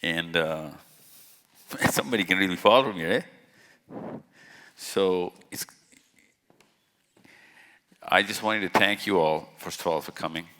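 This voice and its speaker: A man with a lowish, bright, forward voice talks casually to a live crowd. He is chatty and jokey and keeps putting questions to the audience. His voice rings out with a long hall reverb. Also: slow, pauses often. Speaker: speaker at a live event. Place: large hall with stage lights.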